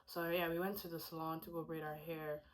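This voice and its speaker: A young woman with a deep voice hosts a casual storytime chat with her cousins, talking freely, laughing often and acting out quotes. She speaks briskly with a flat delivery, and the audio quality is poor.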